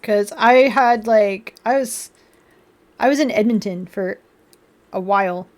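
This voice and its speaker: A young woman with a medium-pitched, darkish voice hosts a casual livestream at a slow pace. Giggly and chatty, she laughs with viewers and baby-talks to her cats between remarks.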